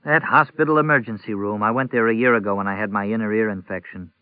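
A grumbling, sardonic middle-aged mother with a cold, as a male narrator puts her on. Her voice sits low and dry, and it comes through a tinny, phone-like audio. She complains with a bite. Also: steady tone, fast, dry recording, lightly acted.

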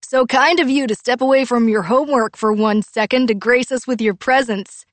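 A woman's voice: on the high side, steady tone, moderate pace, no echo, pitched above the performer's own voice, natural voice. A woman voicing a teasing teenage boy who loves a joke, speaking in a theatrical, mocking way.

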